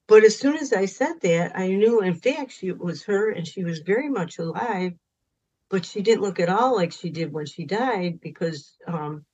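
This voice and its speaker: A woman's voice: on the low side, a little mellow, slightly rough. A woman, a spiritual counselor, earnestly telling a personal story as a podcast guest, at times emphatic. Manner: earnest, emphatic in moments of feeling. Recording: dull lo-fi recording.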